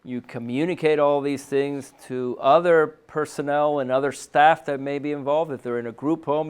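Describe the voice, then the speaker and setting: Guy lecturing doctors at a meeting, smooth clear voice, chatty, keeps saying right?. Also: mid-range voice. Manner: conversational, frequent "um" and "right?" tag questions. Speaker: psychiatrist presenting to a medical panel. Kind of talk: conference lecture. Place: meeting room.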